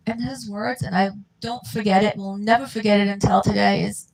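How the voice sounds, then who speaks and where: A woman's voice: medium pitch, fairly even intonation, brisk, vocal fry, hardly any pauses, crowd noise, low-quality recording. A mother, a guest on the show, tells her family's story in an earnest, heartfelt way and acts out what people said. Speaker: guest, mother of a dyslexic child. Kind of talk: emotional personal storytelling.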